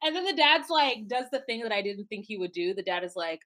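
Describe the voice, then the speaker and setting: A woman co-hosting a casual podcast, recapping a reality show in an animated way, laughing and acting out quotes. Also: on the high side, a little fast. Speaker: podcast co-host.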